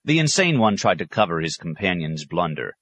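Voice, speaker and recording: A man narrating an audiobook in a measured, even storytelling manner. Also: deep voice, breathy edge. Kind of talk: scripted narration.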